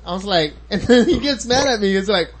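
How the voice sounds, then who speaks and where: A man's voice: high voice, animated, fairly quick, slight background noise. A man co-hosting a podcast, telling a story in casual, profane chat and laughing often. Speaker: podcast co-host.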